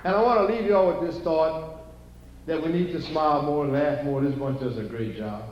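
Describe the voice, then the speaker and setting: Speaking at a moderate pace in a voice on the high side, an older stand-up storyteller with a Cajun Louisiana accent spins rambling, homespun jokes for a live theater audience. Background noise is present. The stand-up comedy performance was recorded from the audience, sounding roomy, distant, and dull.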